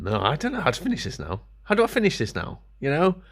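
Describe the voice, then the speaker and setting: A man's voice: a little high, wildly swooping pitch, fast talker, vocal fry. A middle-aged man ranting casually to camera, grumbling and sarcastic, muttering to himself as he works. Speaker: vlogger.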